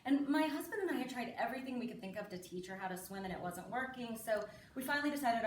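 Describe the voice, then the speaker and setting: A woman's voice: on the high side, expressive, fast talker, hardly any pauses, slight background noise. A middle-aged woman performing a stand-up comedy set on a live stage, chatty and confiding, often tagging her lines with "right?". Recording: roomy sound from a distance.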